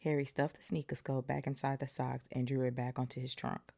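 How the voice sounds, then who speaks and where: A woman's voice: very deep voice, flat delivery, a little fast, creaky, dark tone. A woman hosting a podcast, casually reading a novel aloud and breaking off for joking asides. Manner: chatty, joking asides between passages.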